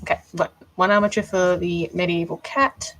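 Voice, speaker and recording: A woman's voice: lowish voice, level tone, brisk, a bit bright, low-quality recording. A young Australian woman chatting casually on a live stream while she builds art dolls, answering viewers' questions as she works.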